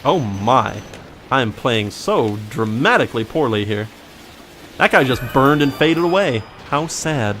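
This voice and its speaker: A man's voice: mid-range voice, lively intonation, measured pace, a bit bright, a little hiss or hum. A man giving casual, joking gameplay commentary who rambles into silly made-up backstories. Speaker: let's play commentator.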